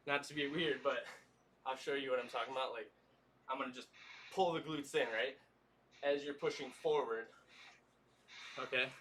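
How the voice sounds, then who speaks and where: A man leading a livestream workout, coaching stretches in a relaxed, chatty way. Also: mid-range voice, far from the mic, a little hiss or hum. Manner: easygoing, coaching with lots of "y'all" and "okay?". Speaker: fitness trainer.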